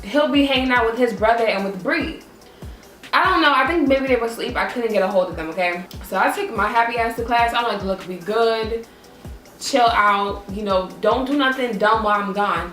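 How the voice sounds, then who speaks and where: A young woman in her twenties telling a casual storytime, animated and swearing, jumping higher when she acts out what people said. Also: reverberant. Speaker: vlogger.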